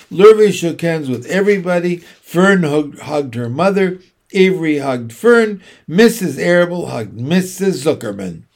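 A man reading a children's book aloud, narrating slowly and deliberately. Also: fairly high pitch. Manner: slow, deliberate storytelling.

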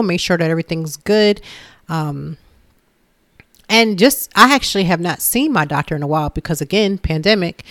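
A woman in her thirties talking candidly and from the heart about her own life, in a relaxed conversational way. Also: lowish voice, dry recording, studio quality. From Philadelphia area. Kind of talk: casual personal talk.

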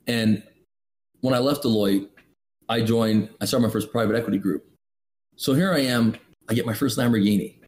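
A man's voice: mid-range voice, moderate pace, long pauses, a little mellow, a little hiss or hum. Emphatic man telling life lessons. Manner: emphatic, preachy, rhetorical questions. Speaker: podcast guest. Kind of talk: candid motivational storytelling.

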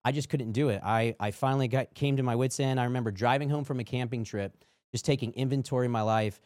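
A man's voice: medium pitch, fast, darkish tone, no room sound. Middle-aged male podcast guest, earnest testimony storyteller, dry recording. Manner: earnest storytelling, acts out quoted dialogue. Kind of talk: testimony in casual chat.

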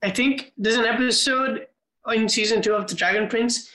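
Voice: medium pitch, bright, forceful tone. A podcast co-host chatting eagerly and casually, swearing and laughing easily. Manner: enthusiastic, sweary, quick to laugh. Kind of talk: casual chat. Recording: roomy echo.

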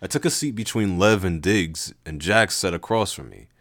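Low-pitched guy reading a story out loud on his podcast, laid-back, chatty asides. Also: lively intonation, moderate pace, no room sound, studio quality. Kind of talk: casual read-aloud storytelling.

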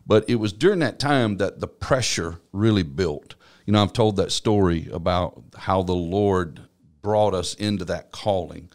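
A man with a very low voice tells his personal testimony in an interview. His storytelling is earnest and reflective. He speaks as someone who serves on a church staff. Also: a little slow, darkish tone. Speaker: church business administrator.

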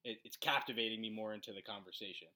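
Bright-voiced man telling stories casually. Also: fairly low pitch, fast. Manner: relaxed storytelling with frequent fillers. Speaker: podcast co-host. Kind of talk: casual conversation.

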